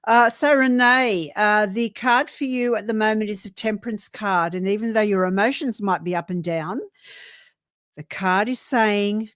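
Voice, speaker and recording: A woman giving tarot readings on a live stream. She speaks in a gentle, soothing way and stretches her words out when she reads a card. The sound is dry and close, with no room echo. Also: mid-range voice, moderate pace. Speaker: tarot reader and co-host.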